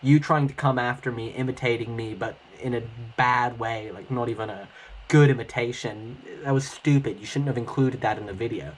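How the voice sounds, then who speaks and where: A man's voice: mid-range voice, brisk, a little hiss or hum, poor audio. A man answering his critics in a reaction video, defensive and sarcastic, swearing now and then.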